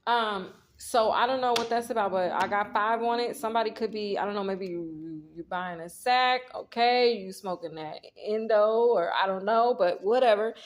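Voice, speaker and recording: A woman's voice: medium pitch, normal speed, hardly any pauses. A woman gives a casual tarot reading to her viewers. She rambles through the story in an easy, chatty way, often speaking straight to the audience. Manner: rambling, talks straight to viewers, retells scenes quoting herself. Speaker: tarot reader.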